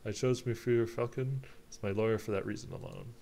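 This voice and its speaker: A man's voice: medium pitch, fairly even intonation, brisk, mellow, a little hiss or hum, lightly acted. A man reading the part of a polite, mysterious male fox private investigator in a video game. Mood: suave.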